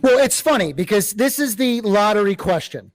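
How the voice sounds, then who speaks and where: A man hosting an interview show who reasons aloud in a quick, conversational way, with restarts along the way. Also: sits high, animated, a little hiss or hum. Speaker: podcast host.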